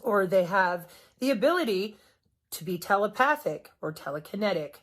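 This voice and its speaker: A middle-aged woman from Wisconsin talking in an unscripted vlog monologue. She is sarcastic, swears often and swings sharply in pitch and loudness as she talks. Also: sing-song, moderate pace. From Wisconsin, US Midwest. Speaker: vlogger.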